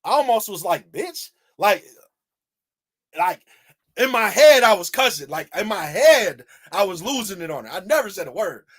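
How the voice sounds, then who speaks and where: High-voiced man ranting on camera. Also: moderate pace, husky. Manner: animated, repeats rhetorical questions, swears freely. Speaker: video commentator. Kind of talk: casual reaction commentary.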